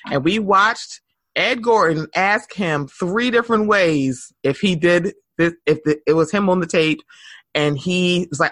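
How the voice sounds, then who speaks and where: A woman in her thirties hosting a podcast, chatting casually in an animated, sing-song way and laughing often. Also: on the low side, unhurried, no room sound. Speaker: podcast host. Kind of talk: casual chat.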